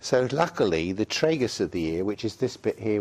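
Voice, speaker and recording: A man with a fairly low voice explains a hands-on technique at a live workshop. He walks the audience through it step by step, steady and instructive. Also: normal speed, hardly any pauses. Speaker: workshop presenter.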